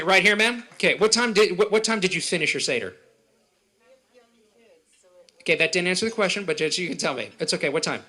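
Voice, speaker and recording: A man doing stand-up comedy at a live event, quizzing the audience with rapid, animated delivery. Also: fairly high pitch.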